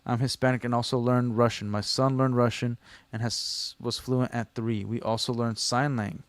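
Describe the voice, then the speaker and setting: A man's voice: medium pitch, level tone, normal speed, no room sound. A man hosting a casual livestream, reading chat messages aloud and answering them with slangy jokes and teasing. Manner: slangy, loose delivery with many fillers. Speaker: livestream host.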